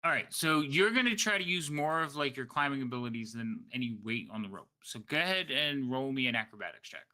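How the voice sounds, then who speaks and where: A man's voice: medium pitch, animated, brisk, sharp tone. A man narrating as game master, tired late at night, rambling and correcting himself as he goes.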